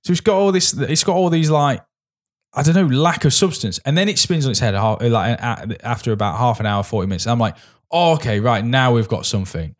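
A man talking through a film in a casual review chat. He rambles, restarts his sentences and trails off as he searches for the right words. His pitch sits in the ordinary middle for a man. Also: fast. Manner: rambling, frequent restarts and hesitations. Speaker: podcast co-host.

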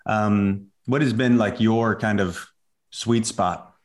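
A man from Southern Illinois hosting a podcast, asking questions in a halting, word-searching way. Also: on the low side, steady tone. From Southern Illinois, USA. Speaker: podcast host. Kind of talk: casual interview chat.

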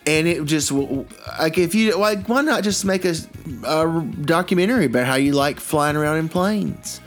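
A man co-hosting a comedy podcast, rambling and halting with lots of restarts. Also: on the high side, soft background music. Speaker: co-host. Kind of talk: comedic banter.

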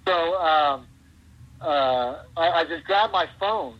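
A man in his forties, a pro wrestler guest, telling stories in a rambling, animated way and laughing often. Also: on the high side, slow, slightly rough, highs cut off. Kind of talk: casual interview chat.

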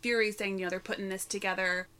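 A woman's voice: medium pitch, little pitch movement, fast, sharp tone, clean tone. A woman co-hosting a casual podcast, talking through a film with blunt, opinionated remarks and the odd swear. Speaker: podcast co-host. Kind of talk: casual film recap chat.

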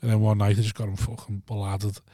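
A man's voice: fairly low pitch, little pitch movement, fast, mellow, no echo, clean studio sound. A man in his thirties hosting a podcast, telling rowdy stories in casual chat and swearing freely. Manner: swears a lot, tells stories acting out others' lines. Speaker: podcast host.

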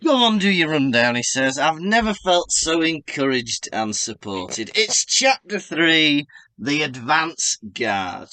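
A man's voice: on the high side, sharp tone, no echo. A man co-hosting a podcast, teasing his friend and wryly recapping a book chapter. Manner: wry, teasing, playful summarizer. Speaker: podcast co-host. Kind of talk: casual chat and chapter recap.

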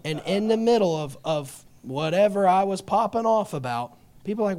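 A man in middle age delivers a sermon in a high-pitched voice. His storytelling is passionate and shifts between quiet, hushed moments and loud, emphatic peaks. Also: lively intonation, normal speed, few pauses. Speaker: pastor.

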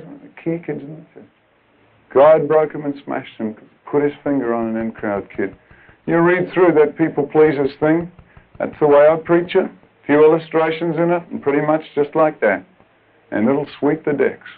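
A man preaching a sermon to other preachers, emphatic and urgent, dropping at times to quiet, earnest asides. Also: a little high, moderate pace. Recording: tinny lo-fi old tape recording.

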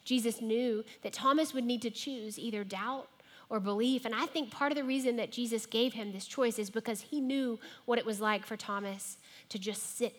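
A woman preaching a sermon in a church, gentle and reflective, often dropping her voice to a near whisper. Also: on the high side.

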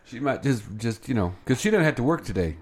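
A man's voice: medium pitch, big pitch swings, brisk, slightly rough. A man co-hosting a morning show, bantering in an easygoing, joking way. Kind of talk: casual chat.

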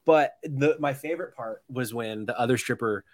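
A man's voice: medium pitch, normal speed, no room sound. A man co-hosting a podcast, chatting loosely about a film, swearing freely and restarting sentences. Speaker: podcast co-host. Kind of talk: casual chat about a film.

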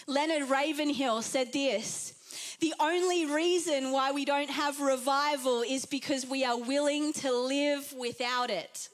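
A woman's voice: sits high, steady tone, a little slow. A young Australian woman preaching an earnest, chatty Pentecostal sermon to a congregation. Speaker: guest preacher.

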